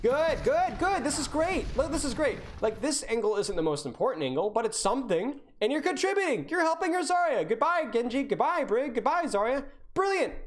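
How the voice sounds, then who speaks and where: A woman's voice: high voice, very animated, a little fast, hardly any pauses. A young woman coaching over a live-streamed gameplay review, ranting and exasperated, hammering her points home by repeating them.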